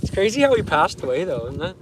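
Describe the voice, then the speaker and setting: A fishing livestreamer in his thirties chats casually with viewers from a canoe on a lake, laid-back, laughing often, and reading comments aloud. His voice sits high and he talks fast and very animatedly, with background noise behind him.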